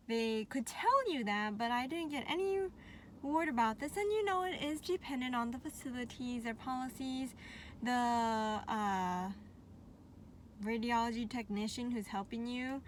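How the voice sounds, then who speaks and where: A woman vlogging casually to her viewers, chatty and animated, laughing often and a little out of breath. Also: on the high side, a little slow, a little hiss or hum. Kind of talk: casual talk to camera.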